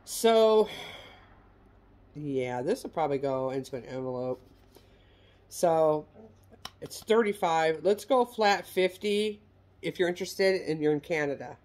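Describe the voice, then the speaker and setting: This middle-aged woman from the U.S. has a deep, expressive, slightly mellow voice and speaks a little slowly with long pauses. She runs a casual show-and-tell of handbags she resells online, folksy and self-deprecating throughout.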